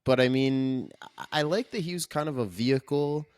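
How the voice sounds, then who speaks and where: Here the same kind of podcast co-host speaks at a moderate pace, his mid-range voice expressive, clear and resonant, with no room sound. Casual but thoughtful, he discusses a film, hedges constantly and leans on "like" as filler.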